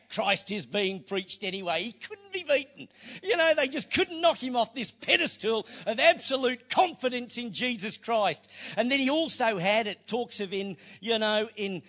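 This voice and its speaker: A man's voice: high-pitched, moderate pace. A man preaching a sermon, telling stories with playful, joking asides. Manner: lively storytelling with playful asides.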